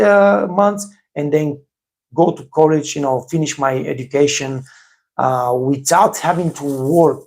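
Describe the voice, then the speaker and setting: A man's voice: medium pitch, gravelly, a little mellow. A man from Bulgaria with a Bulgarian accent, giving blunt casual advice on a live stream, repeating himself often with many fillers. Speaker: host of a live stream for waiters.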